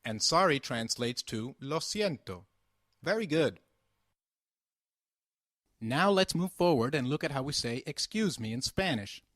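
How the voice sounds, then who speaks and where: Slow, lively male language teacher. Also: medium pitch, no room sound, studio quality. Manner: slow, patient, enunciates each word. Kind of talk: scripted language lesson.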